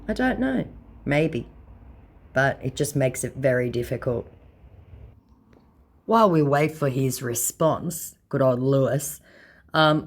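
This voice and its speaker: A woman hosting a scambaiting channel, talking casually and bluntly with sarcasm while reading out chat exchanges. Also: a bass voice.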